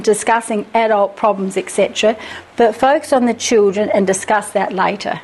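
Woman, middle-aged, slightly high voice, earnest, practical, teaching from notes, chatty asides. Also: a little hiss or hum, poor audio. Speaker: Christian parenting teacher.

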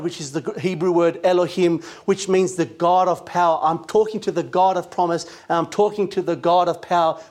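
Male preacher, earnest sermon delivery, slightly higher voice. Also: moderate pace, hardly any pauses, darkish tone. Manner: earnest, emphatic preaching with scripture quotes.

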